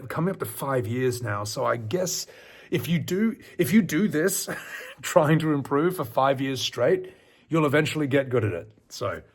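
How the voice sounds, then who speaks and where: At night on an outdoor porch, a man reads horror stories on a live stream. He performs theatrically, sinking into low whispers, and chats with viewers between passages.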